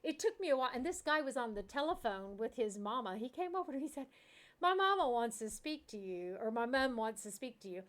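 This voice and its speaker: A woman's voice: a little high, sing-song, a little fast, fairly bright tone. A middle-aged woman chatting casually with viewers while streaming a farm sim, laughing often and talking to the game animals. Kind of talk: casual live-stream chat.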